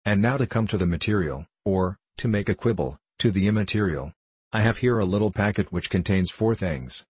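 A man's voice: lowish voice, lively intonation, darkish tone, breathy edge, no echo. A man reading an old kindly minister. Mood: earnest counsel. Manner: solemn, measured, old-fashioned speech. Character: elderly male country minister, kindly and preachy.

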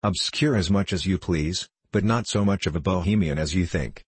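A man with a husky voice reading a cheerful, easygoing young male painter in a light, teasing manner. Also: low voice, moderate pace, no room sound.

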